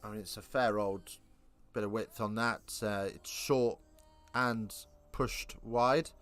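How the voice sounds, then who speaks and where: A man calling a live rugby game, chatty and self-correcting, lifting into excited bursts on big plays. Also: on the low side, takes it slowly, clear, resonant tone, soft background music. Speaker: rugby commentator. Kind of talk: live alternative play-by-play commentary.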